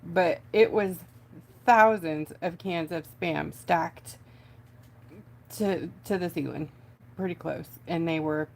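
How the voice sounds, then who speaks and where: A talkative woman, her voice sitting a little low, chats and giggles with her viewers while she crafts at home. A faint hum runs under the recording. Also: slow, creaky, pauses often. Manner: chatty, giggly, talks to viewers. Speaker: craft livestream host. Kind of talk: casual livestream chat while crafting.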